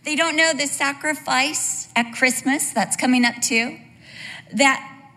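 A pastor's wife gives a candid, humorous talk to her church congregation, full of personal asides. Her voice is high-pitched and sharp in tone at a measured pace, and the recording carries a long hall reverb.

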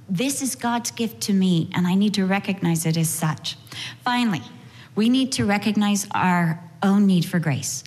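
A woman giving an earnest, storytelling talk on marriage, with touches of gentle humor, in sermon style. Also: mid-range voice, normal speed, long reverb tail. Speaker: speaker at a marriage session. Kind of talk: sermon-style teaching with anecdotes.

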